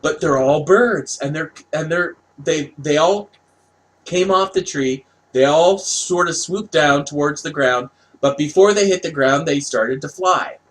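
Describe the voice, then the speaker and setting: Slow-talking man telling a wild story. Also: on the high side, poor audio. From Canada. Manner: animated, swears, laughs while telling. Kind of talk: casual storytelling.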